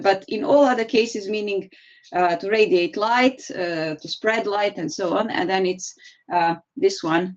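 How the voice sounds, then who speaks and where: A woman with a Serbian accent runs an online English lesson at an even, mid pitch. She explains grammar patiently, step by step, and encourages each student. The sound is dull and muffled, like a video call. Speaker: English teacher. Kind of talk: online class teaching.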